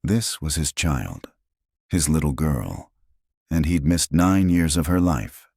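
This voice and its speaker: Very deep-voiced male narrator. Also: slow pace, creaky, husky, no echo, clean studio sound. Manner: steady, dramatic storytelling. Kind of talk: scripted story narration.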